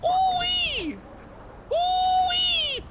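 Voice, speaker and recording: A man voicing a loud, chaotic young woman who squeals with glee and shrieks taunts in a game role-play. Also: very high-pitched, animated, extremely slow, heavy background noise, exaggerated voice. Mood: gleeful.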